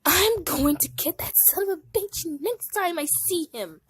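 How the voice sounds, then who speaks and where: A woman doing a shrill, bossy skeleton lord. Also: wildly swooping pitch, moderate pace, exaggerated voice. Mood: furious. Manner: shouty, demanding. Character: bossy hot-tempered small male skeleton lord.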